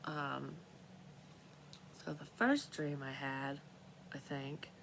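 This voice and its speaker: A woman with a low voice rambles through a casual tarot vlog. She is losing her voice and keeps clearing her throat. She swears freely and breaks off her sentences, with a faint background hum. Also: expressive, very slow, a bit bright, rough recording. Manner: rambling, profane, self-interrupting. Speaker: tarot reader vlogger.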